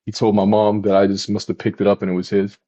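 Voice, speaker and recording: A man's voice: fast talker, muffled recording. A man in his thirties co-hosting a podcast, telling stories in casual chat and acting out quotes. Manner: animated, acts out quotes in high voices. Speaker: podcast co-host.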